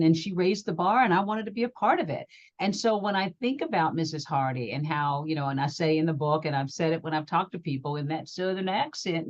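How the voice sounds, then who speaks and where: A middle-aged woman from Georgia, a journalist talking as an interview guest, telling stories in an animated way and acting out what people said. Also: low-pitched, muffled recording. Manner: animated storyteller, acts out quotes. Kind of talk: interview conversation.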